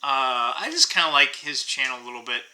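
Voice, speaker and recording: A man's voice: medium pitch, brisk, bright, forceful tone, rough recording. A middle-aged man hosting his own channel, talking in a rambling, profane, casual rant full of fillers. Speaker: channel host.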